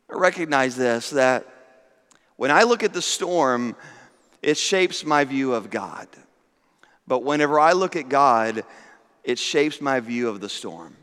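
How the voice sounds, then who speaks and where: A man preaching a sermon, emphatic and repetitive, swinging from soft to loud. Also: medium pitch, expressive, unhurried, long pauses, clean tone, in a large hall. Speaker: pastor.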